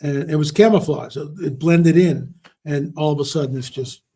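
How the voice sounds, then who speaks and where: A man's voice: a little high, moderate pace, warm tone, slight background noise. A man speaking as an interview guest, telling stories emphatically and repeating words for stress. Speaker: interview guest, author and researcher. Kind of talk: conversational interview talk.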